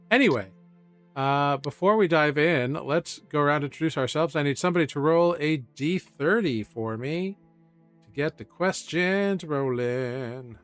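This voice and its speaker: A man running a tabletop game from his home setup, chatty and relaxed, correcting himself as he goes. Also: mid-range voice. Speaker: game master. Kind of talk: casual tabletop game chat.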